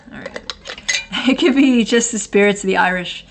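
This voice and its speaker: Casting note: woman in her thirties, streamer, mid-pitched, loose rambling chat, laughs a lot, swears freely. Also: normal speed, slight background noise. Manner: rambling, laughs often, blunt and profane. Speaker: livestream host. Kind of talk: casual chat, reading and answering viewer comments.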